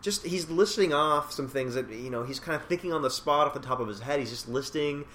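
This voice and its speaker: A man's voice: a little high, a little fast, a bit bright, slight background noise. A man in a casual chat, enthusiastically talking about comics and reading bits of dialogue aloud.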